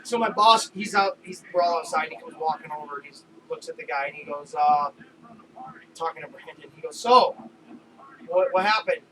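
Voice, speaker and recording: A man with a high voice and a New York accent co-hosts a podcast, chatting fairly quickly about wrestling as they watch it. He tells stories loudly and animatedly and swears freely, sitting far from the mic in a poor recording with clear background noise.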